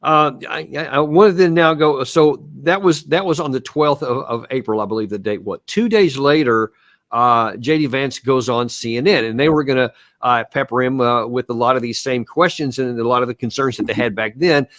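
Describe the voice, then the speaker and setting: A man's voice: mid-range voice, normal speed, fairly bright tone, no room sound, studio quality. A man hosting a podcast interview, earnest and questioning, with some stammered restarts. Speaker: podcast host.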